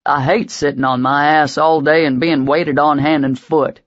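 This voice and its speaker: A woman's voice: low-pitched, fairly even intonation, moderate pace, muffled recording, natural voice. A woman voicing a blunt, kind old grandfather with a drawl. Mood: grumbling.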